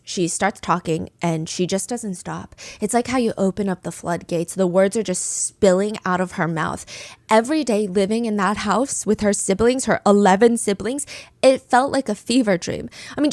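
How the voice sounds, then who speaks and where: A woman's voice: mid-range voice, normal speed, darkish tone, dry recording. Woman host spinning a true crime tale, chatty and dramatic, dry close sound. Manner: chatty, dramatic retelling with asides. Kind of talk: casual storytelling.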